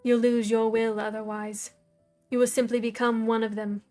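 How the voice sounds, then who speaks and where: A woman reading aloud and voicing a cold, scornful older woman who acts as a dark mentor, speaking in a low, hushed, commanding way. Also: level tone, normal speed, soft background music, lightly acted.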